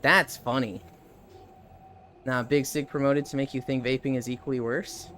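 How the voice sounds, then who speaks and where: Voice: medium pitch, steady tone, normal speed, fairly bright tone, slight background noise. A live streamer chatting casually with viewers, laughing often and reading chat messages aloud.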